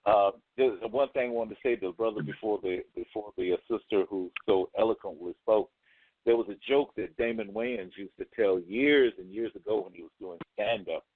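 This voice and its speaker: A man's voice: on the low side, normal speed, dry recording. Brief: blunt, streetwise male caller, slangy, tinny dry phone line. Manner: blunt, streetwise, slangy, restarts mid-thought. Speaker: caller on a talk radio show. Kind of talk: casual call-in commentary.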